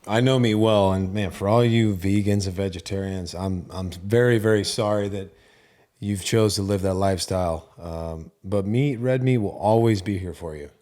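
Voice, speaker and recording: A man's voice: low-pitched, moderate pace, darkish tone. A man co-hosting a baseball podcast, talking in a laid-back way with many fillers. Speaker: podcast co-host. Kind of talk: casual sports podcast chat.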